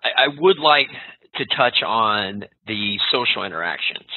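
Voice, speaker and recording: A man hosting a casual interview, relaxed and affirming. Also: lowish voice, a little slow, no room sound. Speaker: host. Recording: tinny phone-line sound.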